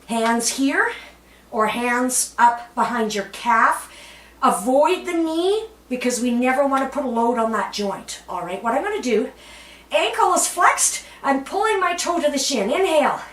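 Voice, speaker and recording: A woman fitness instructor calmly cueing floor exercises, chatty, laughing at herself, with cheerful whoops and slightly out of breath from exercising. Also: high-pitched, a little slow. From Canada. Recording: roomy echo, voice from a distance.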